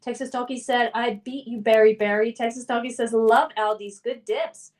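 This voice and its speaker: A woman hosts a casual livestream, reading her viewers' chat messages aloud and answering them. Her voice sits a little high, and she talks in a loose, friendly way. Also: steady tone, normal speed, a little mellow. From United States. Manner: chatty, reads chat names then responds. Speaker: streamer hosting a trivia game.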